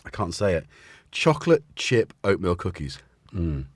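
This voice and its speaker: A low-voiced, husky man hosts a laid-back livestream from his room at home at a moderate pace, sounding very animated. He rambles and fumbles his words; the desk mic and headphones pick him up with no echo.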